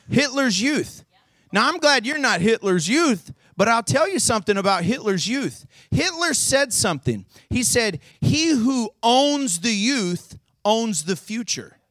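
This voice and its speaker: Youth preacher, male, high-pitched, teasing crowd-worker, dry close mic. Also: no echo. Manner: playful, goading, shouts coaching cues. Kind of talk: youth sermon with audience games.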